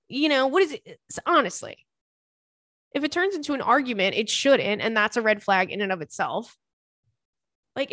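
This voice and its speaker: Young woman podcast host, blunt and animated, casual swearing, dry close mic. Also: a little high, dry recording. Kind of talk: casual podcast chat reading a listener letter.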